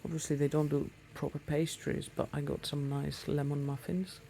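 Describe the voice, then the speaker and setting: A chatty woman vlogs from her motorbike, her voice low-toned, mellow and a touch gravelly. She rambles along with plenty of ums, talking casually to her viewers. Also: level tone, moderate pace, slight background noise. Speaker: motorcycle vlogger. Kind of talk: casual talk to camera while riding.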